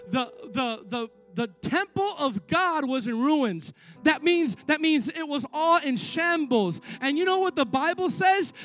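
An extremely high-pitched, fairly bright male voice belongs to a middle-aged pastor giving a sermon. Stories lead into mounting fervor and one earnest plea after another.

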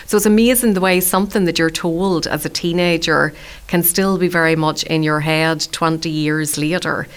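A woman's voice: low-pitched, fairly even intonation, moderate pace, clean tone. A woman in her late thirties, a food show presenter on community radio, telling her story in a chatty, self-deprecating interview.

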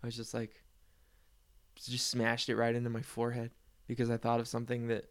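Smooth-voiced man rambling casually. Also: medium pitch, monotone, a little fast. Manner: rambling, profane, self-deprecating storytelling with laughs.

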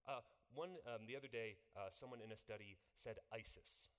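A man preaching a sermon, animated and quizzing his congregation with questions. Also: mid-range voice, moderate pace. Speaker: pastor. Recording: long hall reverb.

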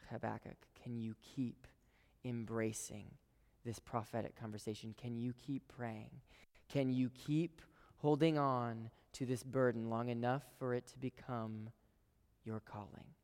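A male pastor delivering a sermon, his voice at a middling pitch for a man. He leans into some lines loudly, then drops to hushed, almost whispered phrases. The room rings with a long hall reverb. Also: steady tone, normal speed. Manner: swings from loud emphatic lines to hushed whispers; addresses the congregation as "guys".

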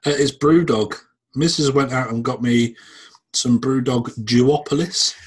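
Male podcast host, husky, loose and tipsy, casual swearing. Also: medium pitch, a little slow, poor audio. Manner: relaxed, swearing, rambling. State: tipsy after a few beers. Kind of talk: casual chat.

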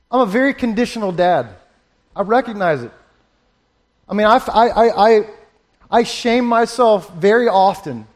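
Earnest high-voiced man preaching. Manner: earnest, halting with frequent restarts. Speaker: pastor. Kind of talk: sermon.

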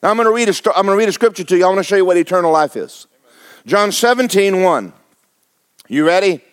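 A man's voice: high-pitched, animated, fast, smooth. A man, preaching a folksy, joking, emphatic sermon as pastor. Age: 70s.

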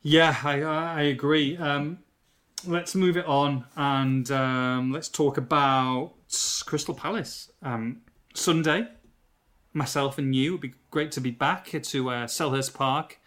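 A man co-hosting a football podcast, telling stories in an animated, self-mocking way. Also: a little high, takes it slowly. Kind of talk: casual podcast chat.

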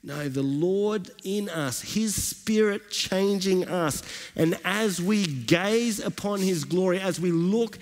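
Slow, emphatic male pastor in echoing hall. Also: sits high. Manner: emphatic, repetitive preaching cadence. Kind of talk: sermon.

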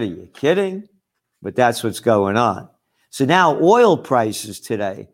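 A man hosting a ranting news commentary, angry and sarcastic, mocking his targets with outraged asides. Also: on the high side. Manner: mocking asides, blah blah dismissals. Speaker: host.

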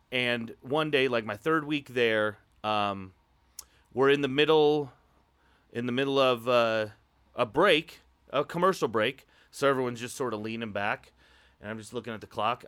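Casual male storyteller from Iowa, animated, profane, pitch spikes when reliving the panic. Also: smooth. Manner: animated, swears, voice jumps high when retelling his outburst. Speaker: improv show performer telling a story.

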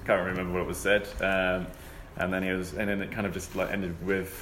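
A man's voice: sits low, level tone, a little fast, a bit bright. A young man telling a rambling story in casual chat. He laughs often and slips into mock voices. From England. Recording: echoey room, faint background noise.

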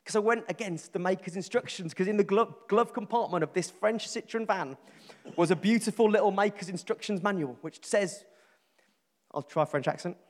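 A man's voice: sits high, brisk. Earnest man preaching in a hall. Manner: earnest, emphatic, builds lists and repeats phrases. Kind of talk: sermon. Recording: long reverb from a large hall.

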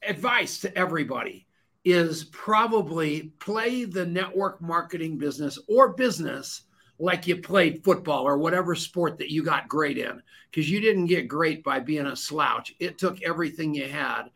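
A man hosting a podcast, chatting and telling stories in an animated, boastful way. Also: on the high side, normal speed, slightly rough. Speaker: podcast host. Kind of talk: casual podcast conversation.

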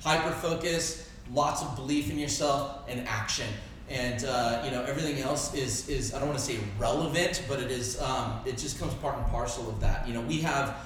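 A man's voice: medium pitch, normal speed, few pauses, fairly bright tone. A man talks in a casual, enthusiastic way and rambles with plenty of fillers. His voice sits in the middle range. He sounds very echoey, with a faint hum of room ambience behind him. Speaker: podcast host, business co-founder. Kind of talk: casual chat.

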